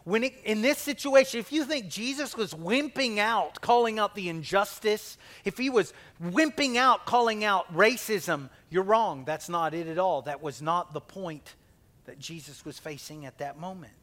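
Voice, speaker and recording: A man's voice: sits high, normal speed, fairly bright tone. A male pastor preaching a conversational sermon, asking the congregation questions and acting out quotes.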